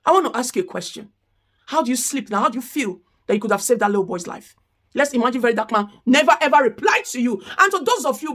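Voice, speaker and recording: Woman vlogger, high voice, indignant rant full of rhetorical questions. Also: fairly bright tone. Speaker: commentary vlogger. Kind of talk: impassioned commentary rant.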